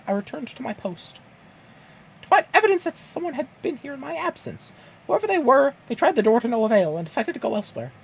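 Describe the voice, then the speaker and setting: A man voicing a game guard in a high, squeaky cartoon-mouse falsetto, stumbling over the lines as he reads. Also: gravelly, a little hiss or hum, exaggerated voice. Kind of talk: reading game dialogue aloud in voices.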